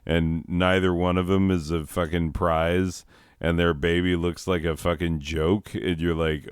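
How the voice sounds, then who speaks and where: A man with a low, unhurried voice rambles through crude jokes and chuckles at himself as he goes. His voice is smooth and close, with a dry sound and no room around it. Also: steady tone, no echo. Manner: crude, rambling, laughs at own jokes, slips into silly voices. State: recovering from nausea. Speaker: comedy podcaster. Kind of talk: casual rambling comedic monologue.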